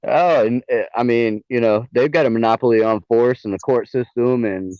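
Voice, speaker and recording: A man's voice: mid-range voice, moderate pace, a little mellow, no room sound, highs cut off. Laid-back profane Southern man. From American South. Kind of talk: casual chat.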